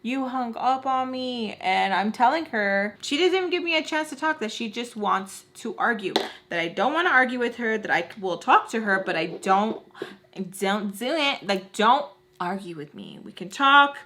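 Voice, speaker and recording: A woman in her twenties telling a personal story to her viewers, animated and frank with casual slang. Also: mid-range voice, moderate pace. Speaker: storytime vlogger.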